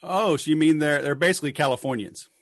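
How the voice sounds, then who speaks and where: A man's voice: a little high, fast talker, creaky, no echo, studio quality. A man hosting a sales podcast in a loose, rambling, joking manner with many fillers. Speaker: podcast host. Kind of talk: casual podcast chat.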